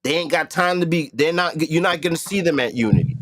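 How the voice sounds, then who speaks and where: A man's voice: on the high side, fast talker, no room sound. A man hosting a podcast in casual chat, emphatic and profane, repeating himself for effect. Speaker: podcast host.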